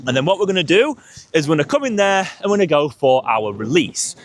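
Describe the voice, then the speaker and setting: Animated man coaching a dog game. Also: a little high, quick pace, a little hiss or hum. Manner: energetic, coaching, calls sharp cues to the dog. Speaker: dog trainer. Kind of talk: demonstrating and explaining a dog training game.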